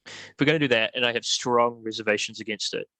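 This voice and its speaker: A man's voice: mid-range voice, bright, forceful tone, no echo, poor audio. A man playing a tabletop game in character, cautiously questioning the group's plans. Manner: skeptical, cautious, measured. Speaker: player.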